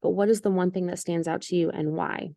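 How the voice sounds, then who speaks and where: A woman's voice: on the low side, fairly even intonation, fairly quick, gravelly, dark tone, no echo, clean studio sound. A woman teaching an art lesson in a recorded video, giving patient, step-by-step instructions with the odd "um".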